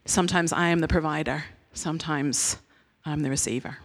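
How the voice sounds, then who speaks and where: A woman's voice: deep voice, fairly even intonation, moderate pace. A woman giving a conversational sermon as a church speaker, candid and self-mocking in her stories, earnest and direct in her appeals.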